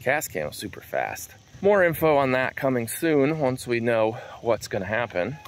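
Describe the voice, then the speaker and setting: Walking outdoors on his farm, a man vlogs to viewers in a chatty, easygoing ramble, calling out after his wandering dog. His medium-pitched voice swings widely in pitch at a moderate pace.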